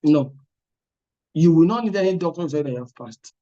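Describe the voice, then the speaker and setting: A man's voice: fairly high pitch, animated, fairly quick, mellow, lo-fi sound. Emphatic man tutoring. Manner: emphatic, repeats words, asks "are you with me?". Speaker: exam prep tutor. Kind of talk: motivational class talk.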